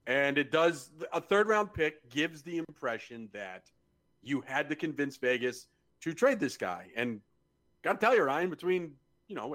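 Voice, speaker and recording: A man's voice: mid-range voice, fairly bright tone. A man co-hosting a casual sports podcast, talking bluntly and analytically and swearing freely. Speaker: podcast co-host.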